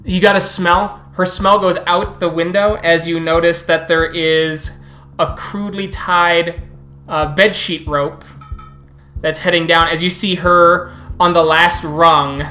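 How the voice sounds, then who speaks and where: A woman as storyteller, narrating a tabletop game in an unhurried, halting way. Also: fairly low pitch, little pitch movement, a bit bright, faint music behind.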